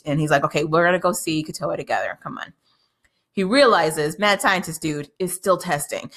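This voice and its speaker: A woman giving a casual, excitable recap of a TV episode, chatty, with frequent restarts. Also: fairly low pitch.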